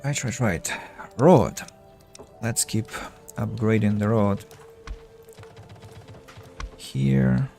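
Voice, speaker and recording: A man streaming a game, thinking aloud in halting casual commentary, his voice tired and fading. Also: fairly low pitch, steady tone, creaky, mellow, soft background music. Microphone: earbuds.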